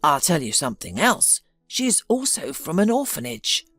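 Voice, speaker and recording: A woman's voice: low voice, big pitch swings, normal speed, a bit bright, dry recording, studio quality, faint music behind, heavily acted. A woman voicing a stubborn indignant old father. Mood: insistent. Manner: insistent, scolding.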